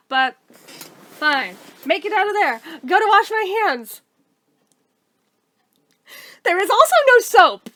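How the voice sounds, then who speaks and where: A woman telling a casual storytime monologue to camera, animated and exasperated, with frequent swearing. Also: very high voice, slow pace, long pauses. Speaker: storytelling YouTuber.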